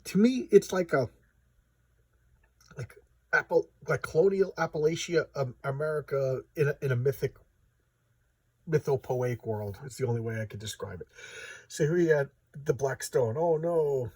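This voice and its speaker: A man chats through a comic book in a casual, enthusiastic way, stumbling and repeating his words. His voice is husky and sits at an ordinary pitch. The recording is dry and picks him up from a little distance. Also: normal speed, pauses often, darkish tone, dry recording.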